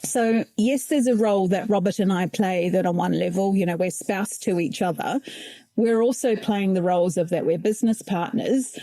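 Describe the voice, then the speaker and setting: Reflective New Zealand woman, mellow voice. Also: medium pitch, normal speed, no room sound. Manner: reflective, thoughtful, laughs lightly. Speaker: podcast guest. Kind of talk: conversational interview.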